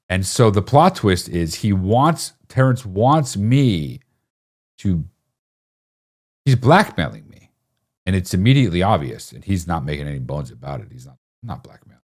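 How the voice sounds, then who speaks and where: Very deep-voiced man telling a profane story. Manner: profane, rambling, self-mocking, laughs often. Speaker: live stream host telling a story. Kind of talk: casual storytelling to live chat.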